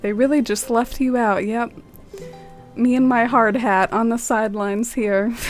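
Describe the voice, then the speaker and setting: Chatty woman streamer, slightly high voice. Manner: chatty, greets viewers by name, many "like" fillers. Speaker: game streamer. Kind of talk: casual live-stream chat.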